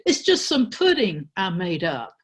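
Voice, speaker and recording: An older woman voicing a kind young pregnant hostess who gently coaxes a child. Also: on the low side, big pitch swings, measured pace. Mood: soothing. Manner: gentle, coaxing. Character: kindly pregnant young woman host, soothing.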